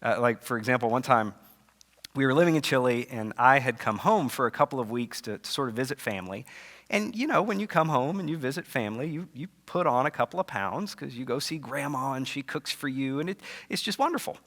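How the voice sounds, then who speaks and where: A man preaching a conversational sermon as pastor, telling stories in an animated way with casual asides. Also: medium pitch, brisk. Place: church sanctuary. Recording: long church-hall reverb.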